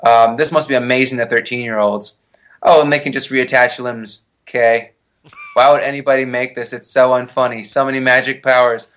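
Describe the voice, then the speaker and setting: A man's voice: mid-range voice, steady tone, normal speed, fairly bright tone. A man co-hosting a podcast in casual chat, recapping a movie in a dry, mocking, profane way. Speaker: podcast co-host.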